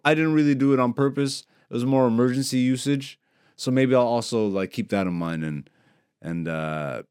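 A man's voice: fairly high pitch, clear, resonant tone, dry recording, studio quality. Laid-back man rambling on a podcast. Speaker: podcast host. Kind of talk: casual podcast chat. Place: podcast studio. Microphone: studio microphone.

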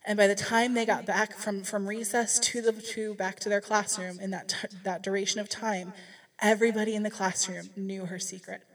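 A woman's voice: medium pitch, flat delivery, normal speed, few pauses. Woman, church talk, storytelling, chatty, restarts a lot, distant mic. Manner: chatty, rambling with restarts and laughs. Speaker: church speaker. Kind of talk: casual sermon storytelling.

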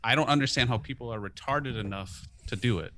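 A man's voice: medium pitch, a little fast, a bit bright. A man co-hosting a podcast who talks bluntly and scornfully. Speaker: podcast co-host. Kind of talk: casual podcast chat.

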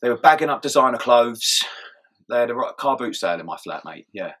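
A man's voice: medium pitch, animated, a little fast, a bit bright, husky. A young man telling his story in a casual interview, swearing and laughing as he goes. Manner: swears often and laughs through his story, mumbling asides. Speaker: interview guest.

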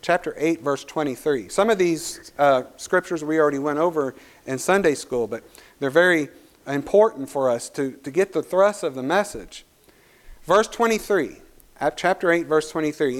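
A man's voice: a little high, lively intonation, normal speed. A male pastor preaching a sermon, reading scripture aloud and building to emphatic points.

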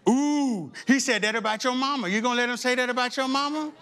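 A man's voice: very high-pitched, quick pace, sharp tone, clean tone, exaggerated voice. A man putting on the voice of a male instigator egging someone on to fight, goading and needling.

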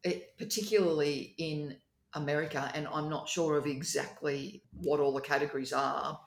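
Gravelly Australian legal expert, roomy sound. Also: medium pitch, steady tone. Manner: measured, explanatory, with fillers. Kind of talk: casual discussion. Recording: roomy echo.

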